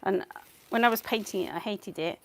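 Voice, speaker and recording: A woman's voice: medium pitch, brisk, noisy background. A woman chatting casually on a live stream at home, greeting viewers by name and giggling as she paints. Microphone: clip-on mic.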